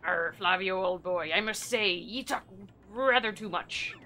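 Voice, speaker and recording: A woman voicing a gruff old male bomb sailor in a video game, with pirate-style growls and a wavering accent. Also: medium pitch, measured pace, sharp tone, slight background noise. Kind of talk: reading game dialogue aloud in voices.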